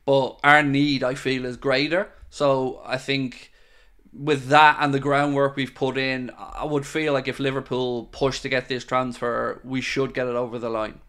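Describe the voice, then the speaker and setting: A man's voice: mid-range voice, flat delivery, unhurried, pushed and bright. An Irish man hosting a live stream, answering viewer questions in a frank, chatty way and calling them mate. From Ireland. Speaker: host of a football fan channel.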